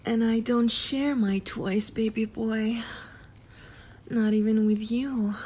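A woman in a whispered role-play, talking slowly in a teasing, domineering way and often dropping to a whisper. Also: on the high side, steady tone, darkish tone, husky. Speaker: audio role-play performer.

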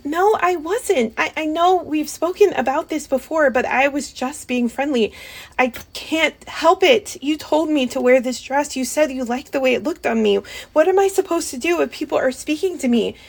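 A woman's voice: sits high, moderate pace, vocal fry. A young woman performing a one-sided audio role-play, pleading and hesitant, stammering and often sinking into whispers.

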